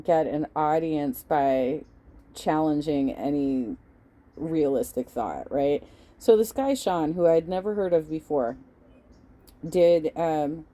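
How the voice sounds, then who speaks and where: Casual reaction host: a woman with a low, warm voice who swears freely. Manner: profane, animated, laughs often.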